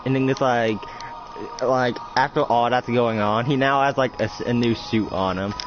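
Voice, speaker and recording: Casual guy rambling through a roleplay story, mid-pitched, dull lo-fi audio and music behind. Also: steady tone, normal speed. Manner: rambling, many fillers and restarts. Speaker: game master narrating a roleplay.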